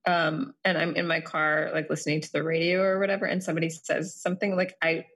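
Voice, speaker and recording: A woman's voice: deep voice, flat delivery, quick pace, fairly bright tone. A woman chatting casually, rambling along with many "like" fillers. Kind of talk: casual chat.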